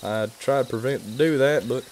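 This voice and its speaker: A man's voice: mid-range voice, moderate pace, darkish tone, natural voice. A man putting on a folksy Southern drawl. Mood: playful. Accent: put-on American Southern. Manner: playful, self-mocking, chatty. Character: folksy Southern good-old-boy man, jokey. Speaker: livestream host. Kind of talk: casual live-stream chat.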